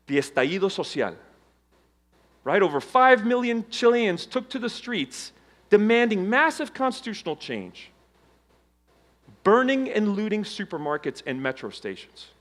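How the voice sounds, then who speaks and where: A middle-aged man giving a motivational keynote on stage, telling his story with dramatic swings between loud emphasis and hushed low tones. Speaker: keynote speaker. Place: conference stage before a live audience.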